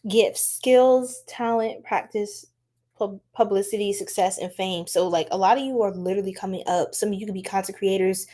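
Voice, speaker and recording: A young woman hosting a casual tarot-reading livestream, chatty and quick to laugh, talking straight to her chat. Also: mid-range voice, steady tone, mellow. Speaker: tarot reader, livestream host.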